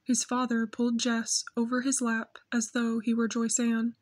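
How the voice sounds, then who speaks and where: Steady, even-toned woman narrating a story. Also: a little high, moderate pace. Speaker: audiobook narrator. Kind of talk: scripted narration.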